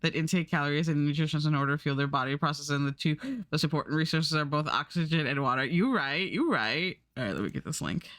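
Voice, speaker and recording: A woman's voice: low voice, fast, dry recording. Chatty woman streamer, dry sound. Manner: chatty, rambling, laughs often. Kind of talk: casual live-stream chat while drawing. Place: home streaming setup.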